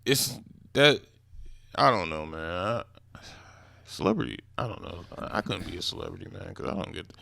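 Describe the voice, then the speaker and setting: A man's voice: deep voice, lively intonation, moderate pace, creaky, pauses often, pushed and bright, no room sound. A man co-hosting a podcast in casual chat, laid-back and trailing off often. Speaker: podcast co-host.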